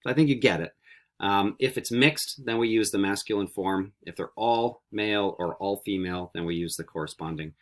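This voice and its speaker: A man teaching a Spanish vocabulary lesson, repeating each word slowly and coaxing students with friendly questions. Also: lowish voice. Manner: slow, carefully repeated word drills. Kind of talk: recorded classroom vocabulary lesson.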